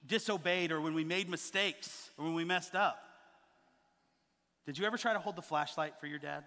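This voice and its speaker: Man, pastor, sermon, slightly high voice, long hall reverb. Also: moderate pace. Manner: animated storytelling, acting out quoted voices. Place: church sanctuary.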